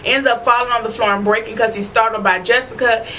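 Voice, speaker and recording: A high-pitched woman with a bright, sharp tone recapping a TV episode for her viewers. She is animated and slangy, and swears freely as she talks straight to the camera. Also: fast, a little hiss or hum, rough recording. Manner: loud asides and frequent swearing. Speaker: vlogger.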